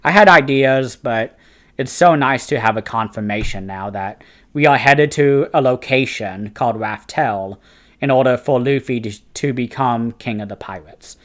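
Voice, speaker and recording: Reviewing manga casually at a normal speed, the host of a fantasy book and manga review channel speaks in a medium-pitched voice. His manner is chatty and eager, peppered with fillers and restarted phrases.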